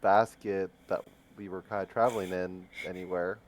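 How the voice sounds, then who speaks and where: Low-voiced man playing a tabletop game. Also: steady tone, normal speed, a little hiss or hum, poor audio. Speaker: player. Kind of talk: casual tabletop chat.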